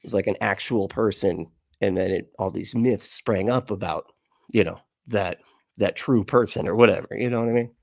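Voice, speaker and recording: Laid-back swearing man, low voice. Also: moderate pace, gravelly, dry recording, clean studio sound. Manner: rambling, laughs often, swears casually. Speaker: livestream host reading chat. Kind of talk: casual livestream chat.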